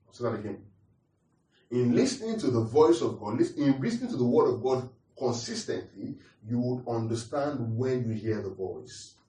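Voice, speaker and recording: A man's voice: mid-range voice, animated, normal speed, mellow. A man preaching a teaching sermon, repeating his points and asking the congregation questions. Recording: roomy echo, distant mic.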